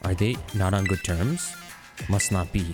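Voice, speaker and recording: A man's voice: deep voice, unhurried. Joking young gamer guy, game music behind. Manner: loose, joking, swears mildly. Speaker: gaming YouTuber. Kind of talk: casual let's-play commentary.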